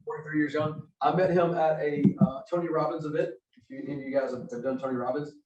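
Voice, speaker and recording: A man with a Southern accent, casually hosting an office event with relaxed, rambling remarks full of fillers. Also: a little high, fast. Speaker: host. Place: office meeting room. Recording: echoey room, far from mic, muffled.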